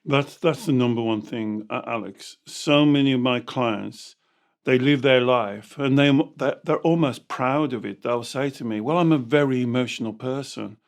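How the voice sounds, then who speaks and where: A man's voice: mid-range voice, a little slow, creaky. A man hosting a podcast as a coach, telling client stories and acting out their dialogue. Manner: animated storytelling, acting out dialogue. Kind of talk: podcast discussion with anecdotes.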